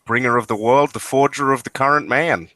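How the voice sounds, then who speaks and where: A man's voice: medium pitch, fairly quick, pushed and bright, dry recording, natural voice. A man voicing an ancient male wind spirit with an old, crackly voice, speaking in grand, cryptic pronouncements. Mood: grandiose.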